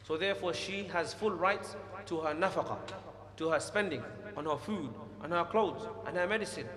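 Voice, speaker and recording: A man teaching an Islamic lesson to a class, animated and scolding, acting out quotes and taking questions. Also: a little high, normal speed, a crowd in the background. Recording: echoey hall, long reverb.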